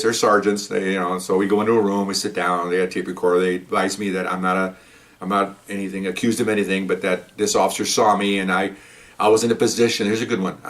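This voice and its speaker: A man's voice: low voice, a bit bright. An older man, a veteran police officer, telling a story in a casual, rambling way, with restarts and "okay?" asides.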